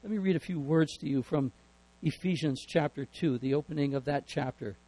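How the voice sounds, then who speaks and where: A man's voice: a little high, fairly quick, mellow, rough recording. A man preaching a sermon earnestly, often repeating words as he builds emphasis. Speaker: pastor.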